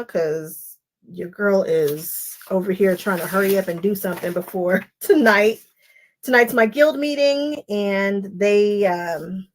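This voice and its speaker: A woman hosting a live paper-piecing stream, chatting casually and going off on tangents while she talks to viewers by name. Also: mid-range voice. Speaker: quilting livestream host. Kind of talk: casual live crafting chat.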